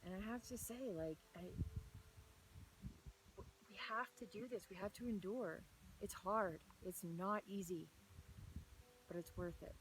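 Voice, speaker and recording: A young woman speaks outdoors on a hilltop as rain falls, talking through a devotional message with a middling voice. She rambles earnestly, restarting her sentences, and often slips into excited whispers. A faint noise sits behind her voice. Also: mid-range voice, unhurried, pauses often. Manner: breaks into excited whispers and laughter. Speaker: faith vlogger. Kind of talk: casual devotional talk.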